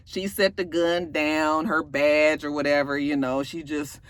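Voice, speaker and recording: A woman giving a casual episode recap, animated and profane, full of sassy asides. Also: low voice, measured pace. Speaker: TV episode reviewer.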